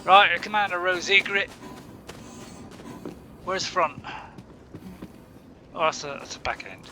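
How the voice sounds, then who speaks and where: A man from Bristol, England hosts a gaming channel, his high-pitched voice slow over music. He rambles casually through gameplay, chatting, laughing often and talking to himself.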